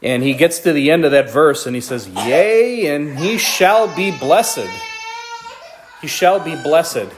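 A man with a high voice slowly reads Bible verses in old-fashioned wording, like a teacher leading a casual Bible study. Between readings he explains them in a relaxed, joking way, laughing at his own playful asides. Music plays in the background.

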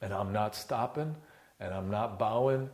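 A man preaching a sermon in a casual, slangy way, dropping to hushed, low murmurs and rising to loud, impassioned peaks. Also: a little slow.

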